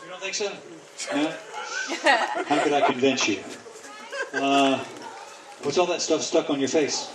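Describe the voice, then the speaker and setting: A man as a stage hypnotist giving suggestions and counts, teasing volunteers playfully and slowing into a soothing induction. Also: on the high side. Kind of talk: hypnosis show patter. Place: outdoors in a yard at night. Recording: distant camera, echoey, noisy crowd.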